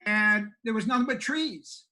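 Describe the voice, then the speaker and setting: In a rough recording, an older man speaks in a high, bright, forceful voice with lively intonation and an unhurried pace. He's a pastor and homeless shelter director from Maine, telling folksy, plainspoken, self-deprecating stories during an interview.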